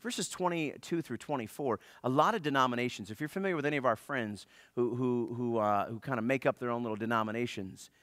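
Pastor guy preaching, jokey and chatty, bright voice, pretty dry sound. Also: mid-range voice, fast, few pauses, dry recording. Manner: joking, conversational preaching. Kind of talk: sermon. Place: church.

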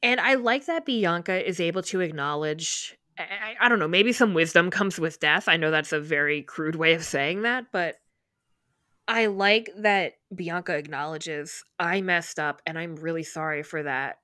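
Woman podcast cohost, lowish voice, dry sound, recapping a book and doing the quotes. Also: lively intonation, moderate pace, sharp tone, dry recording. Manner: retells scenes and acts out quoted lines. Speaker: podcast co-host. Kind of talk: casual book discussion.

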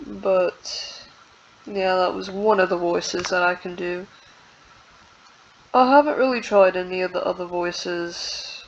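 A woman's voice: lowish voice, fairly even intonation, slow pace, creaky, pauses often, highs cut off, slight background noise. A woman talking casually into her laptop at home, rambling and hesitant and running herself down. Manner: rambling, hesitant, self-deprecating. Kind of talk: casual vlog talk.

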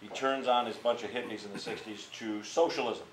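An older man, a theater actor, telling stories in an interview in a blunt, profane, animated way. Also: fairly low pitch, brisk. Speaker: interviewee, Mime Troupe actor. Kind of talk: casual storytelling interview. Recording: echoey room with faint background noise.

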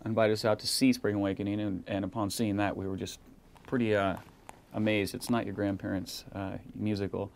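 A man's voice: on the low side, flat delivery, fairly quick, gravelly. A man in a casual interview, speaking in a laid-back way with lots of uhs. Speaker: band member interviewed.

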